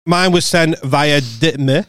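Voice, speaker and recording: A man's voice: fairly high pitch, slow pace, fairly bright tone, no room sound. Young male comic, raised register, crude, giggly, dry close mic. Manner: crude, swears freely, laughs often, restarts a lot. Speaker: podcast co-host, comedian. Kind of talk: casual chat.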